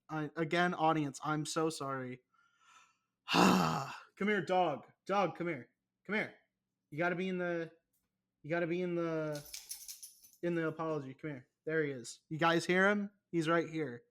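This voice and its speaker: A man's voice: fairly high pitch, fairly bright tone. A young man co-hosting a casual podcast, rambling and swearing, often mocking himself. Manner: profane, rambling, self-mocking. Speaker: podcast co-host. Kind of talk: casual chat.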